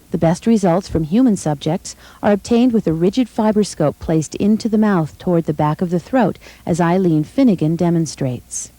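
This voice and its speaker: A woman giving scripted, measured narration for a technical instructional video. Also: fairly low pitch, mellow, dry recording, low-quality recording.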